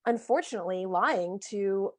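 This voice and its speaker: A woman's voice: medium pitch, normal speed, dry recording. A woman founder and author, a podcast guest, speaking candidly and reflectively in casual conversation. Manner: reflective, candid, laughs easily.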